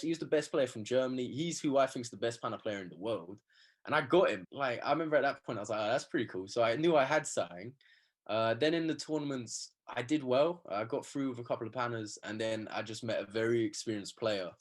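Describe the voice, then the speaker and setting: A young man from England, telling animated stories with lots of slang in a casual interview. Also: mid-range voice. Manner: animated storytelling, slangy, acts out quotes. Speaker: guest.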